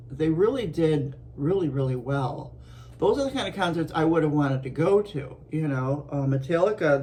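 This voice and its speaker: A middle-aged woman from Buffalo, New York, chatting casually to her viewers as an art vlogger, rambling along with soft laughs and restarts. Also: deep voice. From Buffalo, New York, USA.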